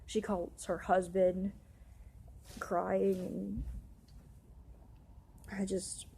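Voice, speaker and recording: A young woman vents in a storytime vlog, her words tumbling out in long, upset run-on sentences laced with swearing. Her voice is mellow and dark, with a breathy, husky edge. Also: medium pitch, flat delivery, drawn-out words. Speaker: vlogger.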